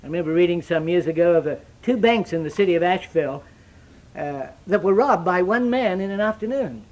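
High-voiced man preaching an emphatic sermon. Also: lively intonation, fairly quick. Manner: emphatic, dramatic swings from loud declarations to hushed solemn asides; old-fashioned scriptural cadence.

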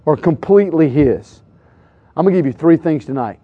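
A preacher with a high, ringing voice tells stories from the pulpit. He drops to a hush and then climbs to shouted peaks. The recording is dull and lo-fi. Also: lively intonation, quick pace. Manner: emphatic, swings from hushed to shouted peaks. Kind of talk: sermon with storytelling. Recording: dull lo-fi sound.

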